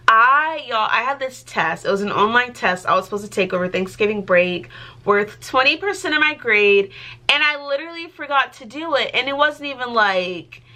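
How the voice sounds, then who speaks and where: A woman's voice: mid-range voice, pushed and bright. A young adult woman talking casually to her vlog audience, chatty and giggly, with lots of filler words. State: pregnant. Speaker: vlogger.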